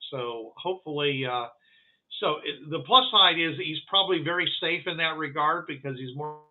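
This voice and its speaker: A man playing an apologetic, reassuring military captain who talks haltingly with many filler sounds. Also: fairly high pitch, natural voice. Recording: thin phone-like line.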